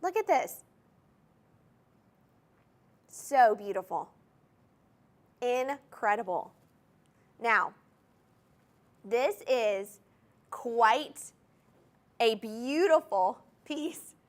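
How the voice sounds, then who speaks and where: A woman hosting a shopping channel, gushing enthusiastically as she pitches jewelry straight to viewers in a TV studio. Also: animated, extremely slow, pauses often. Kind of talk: live TV jewelry sales pitch.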